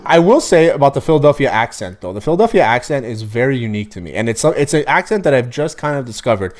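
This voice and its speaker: Fast-talking casual podcast host, man. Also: mid-range voice, very animated, darkish tone. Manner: easygoing, chatty, drawn-out fillers.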